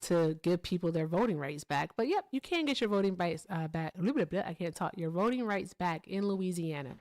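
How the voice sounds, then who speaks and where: A woman's voice: lowish voice, expressive, fairly quick, a little mellow. A woman hosting a live political call-in stream, pressing a caller with pointed questions. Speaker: host.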